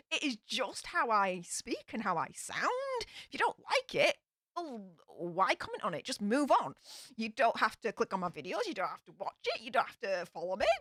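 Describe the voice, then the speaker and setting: A woman's voice: fairly high pitch, sing-song, moderate pace, sharp tone, no echo, clean studio sound. A young woman with a broad Yorkshire accent, chatting frankly to her live-stream audience with lots of fillers and sighs. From Yorkshire, England. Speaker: YouTube streamer. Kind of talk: casual live-stream chat.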